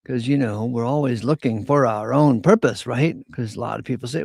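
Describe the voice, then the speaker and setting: A man's voice: medium pitch, animated, vocal fry, a little mellow, slightly rough, no echo. A man teaching a Bible passage verse by verse, reading scripture aloud and adding casual asides. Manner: reads scripture slowly, then comments in casual asides. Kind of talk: informal Bible study teaching.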